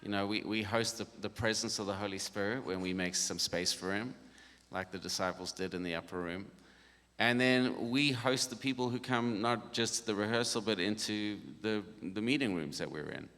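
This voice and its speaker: A middle-aged man talks through a band workshop in a loose, joking way, his voice bright and forward. The long reverb of a conference hall hangs behind every phrase. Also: fairly low pitch, normal speed. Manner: easygoing and jokey, with frequent laughs. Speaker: worship leader leading a band workshop. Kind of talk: casual workshop talk.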